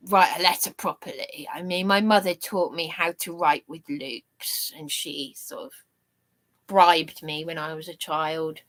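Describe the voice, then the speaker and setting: A middle-aged woman from England speaks slowly in a meandering personal monologue. She stops and restarts often and leans on fillers. When she turns to faith she grows earnest and fervent. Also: fairly low pitch, fairly bright tone. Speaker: vlogger.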